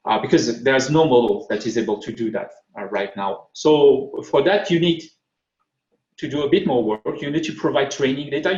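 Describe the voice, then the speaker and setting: A man with a thick French accent giving a technical conference talk, hesitant with many fillers and restarts. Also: mid-range voice. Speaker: conference speaker. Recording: echoey, dull lo-fi sound.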